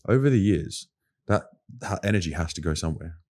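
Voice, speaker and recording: A very deep-voiced man with an Australian accent speaks in earnest, emphatic conversation. He drives his points home by repeating them, as a guest on a talk podcast. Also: expressive, brisk, darkish tone. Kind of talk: casual conversation.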